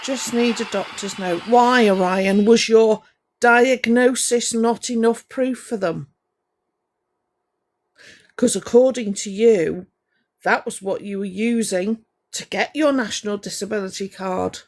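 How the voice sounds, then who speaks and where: Woman, livestream rant, slow deliberate delivery, gravelly fry, confrontational, scolding. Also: medium pitch, a little mellow. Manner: confrontational, scolding, greets viewers by name mid-rant. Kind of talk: ranting livestream monologue to chat.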